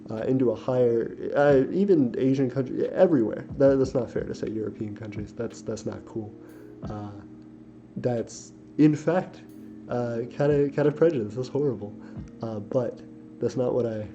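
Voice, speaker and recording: A man's voice: mid-range voice, dark tone. A young man hosting a casual livestream, reading viewer comments aloud and answering them, rambling with many fillers and self-corrections. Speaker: livestream host. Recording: dull lo-fi stream audio with faint hiss.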